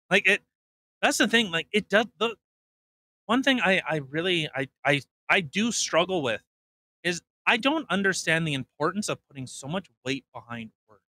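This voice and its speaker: A man from Canada co-hosts a casual podcast, blunt and teasing, tripping over restarts. His voice sits a bit high for a man and sounds bright and forward. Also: very animated, moderate pace. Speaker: podcast co-host.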